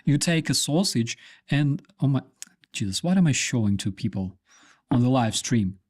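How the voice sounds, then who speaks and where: A man's voice: mid-range voice, lively intonation, normal speed, a little mellow. A man hosting a live stream, rambling casually with many fillers and restarts.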